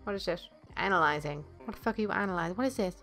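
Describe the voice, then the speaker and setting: A woman giving crude, excitable commentary while playing a video game. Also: on the low side, rapid-fire, soft background music. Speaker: let's play gamer. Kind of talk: gameplay commentary.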